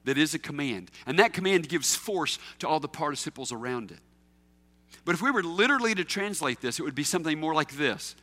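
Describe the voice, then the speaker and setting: A man's voice: fairly high pitch, lively intonation, fairly quick, sharp tone, in a large hall. A man preaching a sermon as a pastor, emphatic and teacherly, asking his listeners questions.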